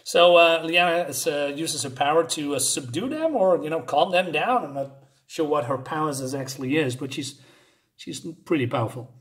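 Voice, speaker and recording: A man casually recapping a comic issue, halting often with fillers and unsure asides. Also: fairly high pitch. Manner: hesitant, many fillers and restarts, unsure asides. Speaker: comic book reviewer.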